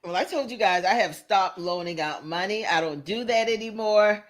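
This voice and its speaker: A woman co-hosting a podcast, telling a story in casual chat, blunt and animated and laughing often. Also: mid-range voice, moderate pace, a little hiss or hum. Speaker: podcast co-host.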